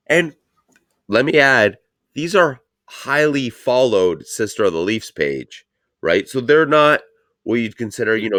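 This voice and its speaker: A man's voice: on the low side, no echo, studio quality. A man hosting a casual talk show, rambling and swearing a lot, with plenty of fillers. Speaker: show host. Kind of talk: casual profane chat.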